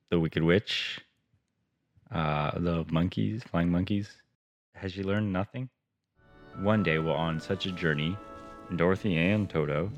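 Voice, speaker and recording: Deep-voiced man reading a story wryly. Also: muffled recording. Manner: wry and playful, teasing the text. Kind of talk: reading a children's story aloud with jokey asides.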